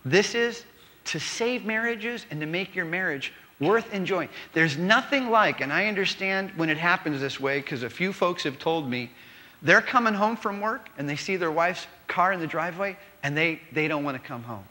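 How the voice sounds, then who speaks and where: A man serving as pastor, introducing a guest speaker from the pulpit in a playful, animated way that acts out quotes. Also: high voice, normal speed. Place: large church sanctuary. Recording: hall reverb from the sanctuary.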